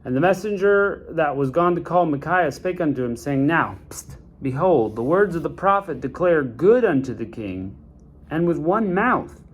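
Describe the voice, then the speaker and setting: A man reading scripture aloud and adding relaxed, chatty comments of his own. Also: on the high side. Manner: reads scripture slowly, then adds chatty asides. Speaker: Bible reader and commentator. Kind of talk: Bible reading with casual commentary.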